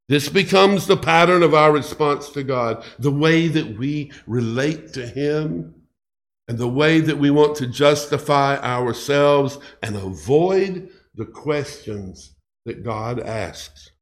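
A male pastor preaching in a slow, emphatic way, repeating phrases for weight. His voice sits a little high for a man, and he takes his time with every line. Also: animated. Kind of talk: sermon.

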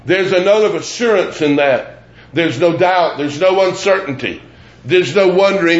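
A man preaching a sermon as pastor, deliberate and emphatic, repeating phrases for weight. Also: high voice, lively intonation, roomy sound, dull audio. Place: church sanctuary.

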